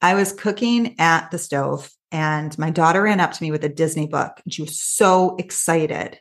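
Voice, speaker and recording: A woman coach talks in a casual interview, her voice sitting a little low. She tells stories in an animated, quick way, full of asides. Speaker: coach, podcast guest.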